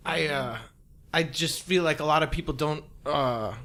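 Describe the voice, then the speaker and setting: A man with a slightly raised voice hosts a laid-back podcast, chatting with friends. His talk is loose and casual, with quick bursts of words. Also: on the high side, bright, forceful tone. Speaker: podcast host. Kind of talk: casual chat.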